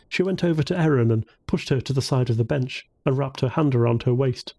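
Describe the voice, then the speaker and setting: A man reading a novel aloud as its narrator, in calm, measured scripted narration. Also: medium pitch, no echo. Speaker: audiobook narrator.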